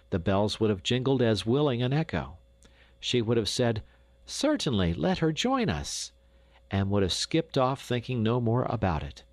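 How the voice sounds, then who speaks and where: A man reading a classic children's novel aloud as audiobook narrator, with expressive storytelling delivery on a close studio mic. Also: lowish voice, no room sound.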